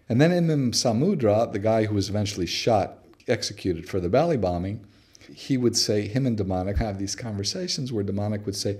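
Man guest, low and mellow voice, storyteller who acts out quotes, loose with "uh". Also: fairly quick, breathy edge. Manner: anecdotal, acts out quoted dialogue, frequent "uh" fillers. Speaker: interview guest, researcher. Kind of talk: conversational storytelling interview.

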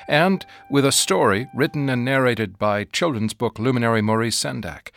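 A man's voice: mid-range voice, gravelly, a bit bright, no room sound, studio quality. A man hosting a radio show, reading a scripted introduction in a polished, lightly playful way.

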